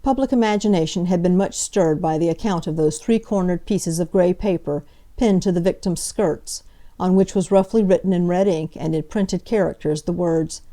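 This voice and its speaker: A woman reading a classic novel aloud in a measured, even way. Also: lowish voice. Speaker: audiobook narrator. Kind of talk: scripted narration.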